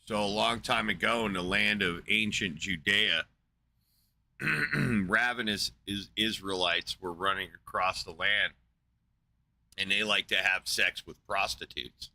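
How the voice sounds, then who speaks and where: Young man, crude and slangy, low voice, very sharp tone. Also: vocal fry, no echo. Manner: crude slangy, aggressive, fast-talking. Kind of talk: profane storytelling and arguing.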